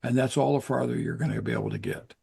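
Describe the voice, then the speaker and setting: An older man, a guest author in an interview, explaining in an earnest, measured way with pauses. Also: medium pitch, animated, gravelly, a little mellow, breathy edge. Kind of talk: interview conversation.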